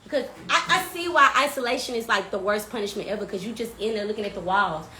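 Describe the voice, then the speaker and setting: A young woman from telling a wild storytime vlog, loud and animated, laughing, with casual slang and plenty of swearing. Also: mid-range voice, fast, a little hiss or hum. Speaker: vlogger. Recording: echoey room with faint ambience.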